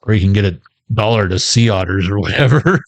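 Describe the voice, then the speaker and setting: A man's voice: lowish voice, fairly quick, creaky, dry recording. A man hosting a casual tarot reading vlog, full of playful jokes and asides. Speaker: tarot reader.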